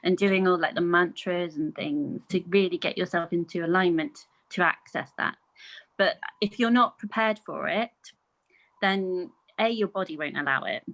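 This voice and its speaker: A woman's voice: on the low side, normal speed, a bit bright, low-quality recording. A middle-aged woman, a podcast guest chatting casually and telling personal stories, acting out what others said. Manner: chatty, storytelling with acted-out quotes and laughs. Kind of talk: casual conversation.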